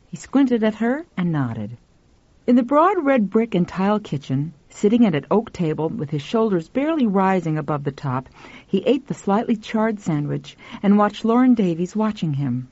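A woman reads a story in a measured, lively voice that swings freely in pitch. The sound is close and dry, with a dull, muffled lo-fi quality. Faint music sits underneath. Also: no echo. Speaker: audiobook narrator. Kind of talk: scripted narration.

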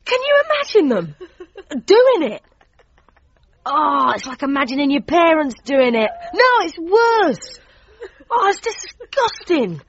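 High, sarcastic teen Eloise. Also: female voice, big pitch swings, slow pace, no echo, full character voice. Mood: scornful. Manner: sarcastic and mocking. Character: bratty, mocking teenage niece. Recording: dull lo-fi sound.

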